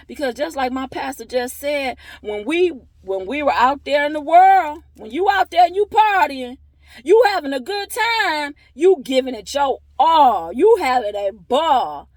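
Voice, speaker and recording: A woman's voice: high voice, darkish tone, no echo. A woman giving casual, preacherly encouragement straight to her viewers. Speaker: faith vlogger. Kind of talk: casual inspirational talk to viewers.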